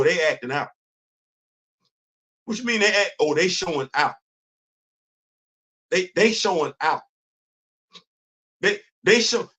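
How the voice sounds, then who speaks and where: A man hosts a show with a high voice, delivering a casual, animated monologue in informal African American Vernacular English. He acts out conversations he imagines.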